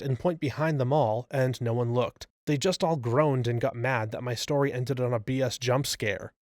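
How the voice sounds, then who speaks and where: A man narrating reader stories in an even, steady read-aloud style. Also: medium pitch, dry recording, studio quality. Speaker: story narrator.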